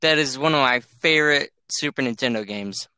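A man on a casual podcast who talks in an excitable way with his friends. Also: mid-range voice, brisk, clear, resonant tone. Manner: excitable, laughing a lot. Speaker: podcast co-host. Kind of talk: casual chat.

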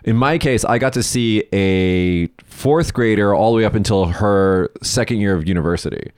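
A man's voice: lowish voice, normal speed, darkish tone, smooth, dry recording, clean studio sound. A man hosting a casual chat, telling stories bluntly with lots of swearing and acted-out quotes. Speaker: podcast host. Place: lives in Japan.

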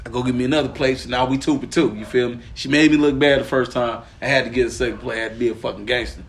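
A man's voice: fast talker, hardly any pauses, a little hiss or hum. A man from Pine Bluff, Arkansas, co-hosting a podcast and telling a long story in casual, profane slang. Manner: animated, profane, slangy, often lowers voice then bursts up laughing. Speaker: podcast co-host.

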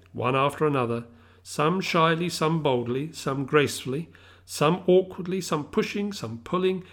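A middle-aged man reading a classic novel aloud in a measured, expressive storytelling manner. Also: on the high side. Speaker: reader.

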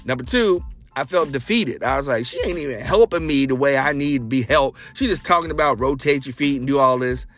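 Animated male podcast storyteller. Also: a little fast, soft background music. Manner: animated, acts out quoted dialogue with big pitch jumps. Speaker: podcast host. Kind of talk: casual storytelling.

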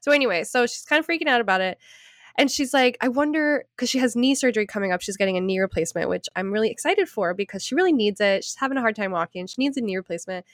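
Animated, swearing woman telling a story. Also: fairly high pitch, racing, no echo, studio quality. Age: 30s. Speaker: podcast co-host. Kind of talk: casual chat.

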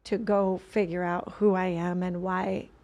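A woman's voice: on the low side, little pitch movement, measured pace, darkish tone. A woman guest on a podcast, telling a personal story earnestly, rambling and restarting her sentences often.

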